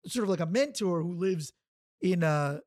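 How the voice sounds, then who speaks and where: A man's voice: high voice, lively intonation, normal speed, a little mellow, dry recording, studio quality. A man from New York co-hosting a casual podcast, offhand and wry. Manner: wry, offhand hot takes. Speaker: podcast co-host. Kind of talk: casual chat.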